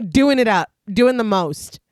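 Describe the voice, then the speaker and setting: A woman co-hosting a podcast, dropping quick wry jokes in casual chat. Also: on the high side, lively intonation, darkish tone, no echo, studio quality. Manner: wry, quick joking remarks. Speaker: podcast co-host.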